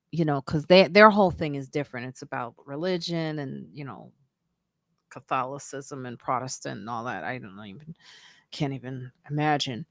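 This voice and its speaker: A woman's voice: sits low, dry recording, clean studio sound. A woman hosting a live-stream podcast, chatting casually and joking, laughing often. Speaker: podcast host.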